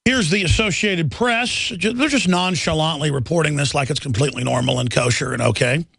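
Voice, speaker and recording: A man's voice: a little high, fairly quick, vocal fry, fairly bright tone, husky, dry recording, clean studio sound. A man hosting a political talk radio show, delivering an emphatic, indignant and sarcastic monologue.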